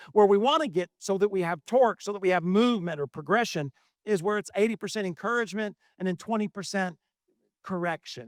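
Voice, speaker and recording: A middle-aged pastor preaching a sermon in a conversational way, often asking the congregation questions. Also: male voice, high-pitched, a bit bright, dry recording, clean studio sound.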